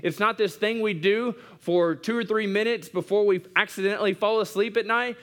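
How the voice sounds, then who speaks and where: A pastor preaching a sermon at a church service, conversational and repeating phrases for emphasis. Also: male voice, high-pitched, moderate pace, fairly bright tone.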